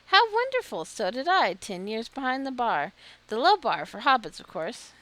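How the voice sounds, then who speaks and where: A woman's voice: a little high, big pitch swings, moderate pace, fairly bright tone, pitched above the performer's own voice. A woman reading aloud as a cheerful, motherly female hobbit innkeeper in a video game, with gushing welcomes. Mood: welcoming.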